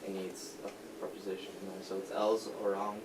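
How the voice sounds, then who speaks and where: A man's voice: sits low, monotone, quick pace. A man in a language class giving tentative answers to the teacher. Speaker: language student. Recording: echoey classroom, far mic, noisy.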